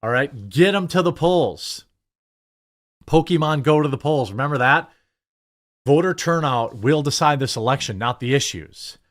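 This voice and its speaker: Male host, casual political commentary, animated and sarcastic, middle pitch. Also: normal speed. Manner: animated, sarcastic, lots of fillers.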